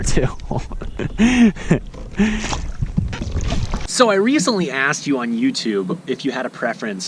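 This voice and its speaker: A man vlogging while fishing from a kayak, chatting casually and swinging between frustration and cheer. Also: on the low side. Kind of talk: casual outdoor vlog narration. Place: kayak on a lake outdoors. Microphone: action camera. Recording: noisy outdoor action-camera audio.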